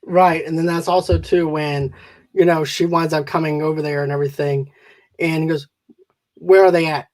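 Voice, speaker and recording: Male co-host with a high voice, lively movie retelling. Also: normal speed. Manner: animated, acts out quotes. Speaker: podcast co-host, movie reviewer. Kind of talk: casual chat.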